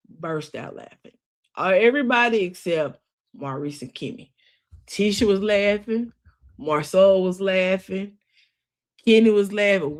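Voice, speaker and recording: Chatty woman gossiping through a recap. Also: medium pitch. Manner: chatty and expressive, retells scenes with sassy asides; breaks into laughter often. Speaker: reality TV recap vlogger. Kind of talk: casual gossipy recap commentary.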